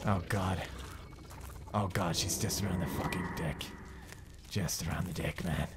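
A man's voice: deep voice, unhurried, noisy background. A young man in his twenties giving jumpy, swearing commentary while playing a horror game. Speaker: gamer commentator.

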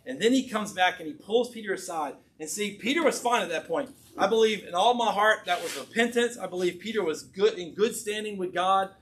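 A man preaching a sermon, telling scripture stories in a conversational, animated way with casual slang. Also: high voice, slight background noise. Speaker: pastor.

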